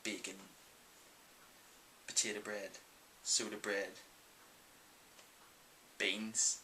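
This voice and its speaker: A young Northern Irish man chats through viewer questions in a loose, rambling way, with plenty of ums. His voice is low-pitched but very bright and forward. A faint hiss sits under the recording. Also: level tone, very slow, poor audio. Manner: chatty and rambling, many ums. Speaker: vlogger. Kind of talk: casual Q&A vlog.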